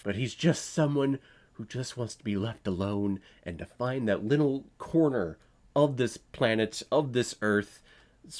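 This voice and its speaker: A man giving a casual, opinionated movie review, blunt, with sarcastic asides and the odd swear word. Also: mid-range voice.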